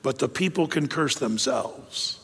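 A sly old prophet lays out a scheme in a low, confiding voice, as a man preaching puts him on. The tone is scheming and steady, lighter than a grave villain. Long reverb hangs behind it. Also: measured pace, husky, exaggerated voice.

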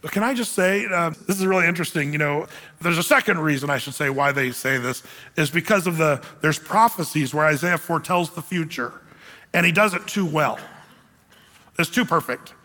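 A man preaching a sermon as pastor, in a conversational, animated style with casual asides. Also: fairly high pitch, fairly quick. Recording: long reverb of a large hall.

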